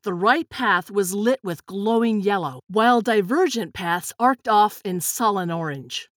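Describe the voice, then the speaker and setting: A woman narrating a storybook in a measured, expressive reading. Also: medium pitch, dry recording, clean studio sound.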